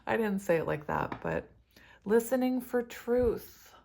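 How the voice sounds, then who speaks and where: A woman's voice: on the high side, wildly swooping pitch, measured pace, darkish tone. A woman giving a casual tarot reading to her viewers, emotional and tearful, laughing often as she talks about spiritual love and energy. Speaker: tarot reader.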